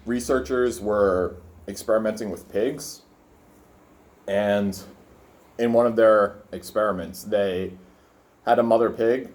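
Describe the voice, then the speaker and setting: A young man with a fairly low voice talks casually from his room, eating as he goes. He rambles loosely, full of fillers and the odd curse, and keeps an easygoing vlog tone throughout. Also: darkish tone. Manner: rambling, profane, filler-heavy, talking while eating. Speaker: vlogger. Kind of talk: casual food vlog with rant.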